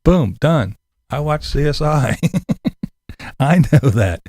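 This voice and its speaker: A man's voice: on the high side, lively intonation, slow pace, darkish tone, no room sound, studio quality. A man chatting casually with his online viewers, laughing through most sentences and swearing while he mocks. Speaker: livestream host answering chat. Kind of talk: casual commentary chat.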